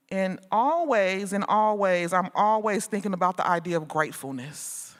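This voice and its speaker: A woman artist leading a gratitude meditation with a slow, lulling, repetitive delivery at a symposium. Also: mid-range voice, animated. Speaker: artist speaker. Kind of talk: guided gratitude meditation talk. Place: large hall at a symposium. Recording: long reverb of a large hall.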